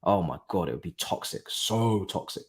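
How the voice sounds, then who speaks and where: A young man hosting a live football watchalong, talking casually and breaking into excited exclamations. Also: low voice, normal speed. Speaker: watchalong host. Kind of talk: live match watchalong commentary.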